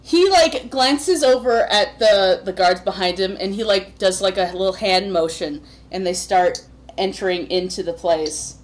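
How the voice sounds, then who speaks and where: A woman's voice: medium pitch, a little slow. A woman narrating a tabletop game as game master, casual and giggly, with lots of fillers.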